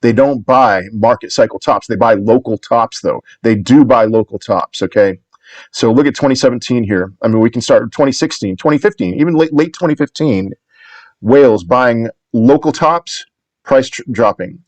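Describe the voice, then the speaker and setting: A man talking through market charts in a casual video, upbeat and reassuring. He rambles, restarts words and corrects himself as he goes. His voice sits at an ordinary pitch and sounds dry and close. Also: moderate pace, no room sound. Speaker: crypto market commentator.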